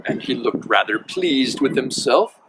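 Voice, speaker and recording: A man reading a children's picture book aloud in a lively, animated storytelling manner, on a noisy recording. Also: medium pitch, measured pace.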